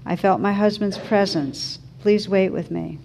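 A woman reading the lines of a quiet grieving widow in a story, speaking in a hushed, earnest way. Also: mid-range voice, measured pace, creaky, slight background noise.

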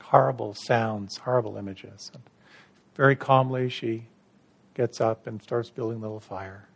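A middle-aged man giving a gentle, reflective dharma talk to retreat participants, unhurried, with soft restarts. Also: medium pitch, fairly even intonation, vocal fry. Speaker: meditation retreat teacher.

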